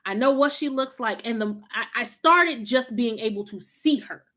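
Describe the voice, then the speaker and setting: On a spiritual live stream, a woman from Los Angeles talks casually with viewers in a Southern country drawl, slangy and full of laughs. Her voice is on the high side and sharp in tone, at a moderate pace.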